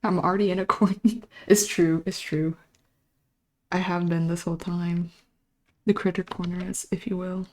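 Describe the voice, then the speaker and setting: A woman livestreaming while drawing, with a sore throat, chatting casually, giggling often, greeting and thanking viewers, sometimes dropping into soft whispers. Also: on the low side, flat delivery, normal speed. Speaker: livestreaming artist. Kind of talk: casual stream chat.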